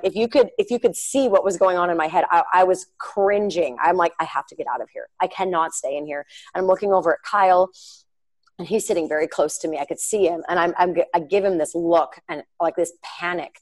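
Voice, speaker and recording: A woman in her thirties co-hosts a podcast, sharing a personal faith story. She talks earnestly and chattily, with fillers and asides to her listeners. Her voice sits a little low for a woman. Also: fairly even intonation, a little fast, low-quality recording. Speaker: podcast co-host.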